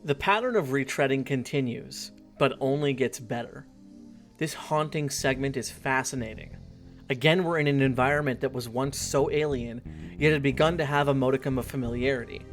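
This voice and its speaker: A man's voice: mid-range voice, moderate pace, faint music behind. A man in his twenties narrating a scripted video essay in an earnest, reflective way.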